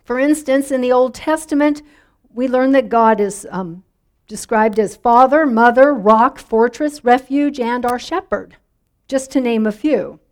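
A woman's voice: on the high side, a little slow. A middle-aged woman pastor preaching a sermon in a conversational way, drawing answers from the congregation. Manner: conversational, inviting congregation responses.

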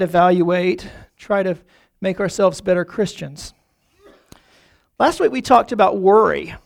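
Pastor, sermon in a church, gravelly voice, earnest, repeats words while starting phrases. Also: medium pitch, a little mellow.

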